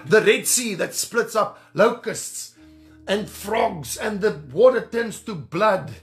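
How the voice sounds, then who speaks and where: A man preaching a sermon as an evangelist, fervent and animated, repeating phrases for emphasis. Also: high voice, takes it slowly, soft background music.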